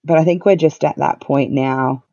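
A woman's voice: low voice, normal speed, mellow, no echo. A woman guest on a podcast, telling her own story in a candid, matter-of-fact way with a wry edge. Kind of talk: casual conversational storytelling. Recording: dull lo-fi dry sound.

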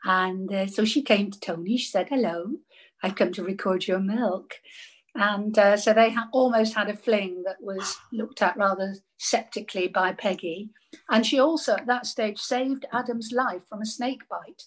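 An older woman, a radio actress, telling lively anecdotes in casual chat and laughing often. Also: medium pitch, moderate pace.

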